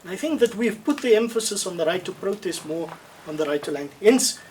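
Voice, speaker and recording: A man answers questions on a video call, his voice sitting fairly high for a man. He reasons aloud in measured steps, restarting phrases and repeating key points for emphasis. The mic sounds a bit distant, with a faint hiss behind him. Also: lively intonation, darkish tone. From South Africa. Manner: measured, thoughtful, with frequent restarts and emphatic repetition. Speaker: webinar speaker answering questions. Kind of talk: Q&A answers in an online webinar.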